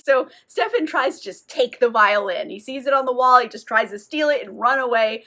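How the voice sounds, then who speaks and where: A woman's voice: a little high, animated, fairly quick, hardly any pauses, sharp tone. A woman recapping a novel in a casual, sarcastic way, with swearing and lots of "like". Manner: sarcastic, profane, filler-heavy. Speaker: book reviewer.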